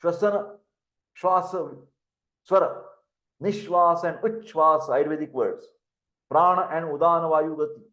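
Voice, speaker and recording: In an echoey classroom, an older lecturer with an Indian English accent speaks a little slowly in a slightly high, somewhat bright voice. He goes over terms repeatedly and spells words out so students can take dictation.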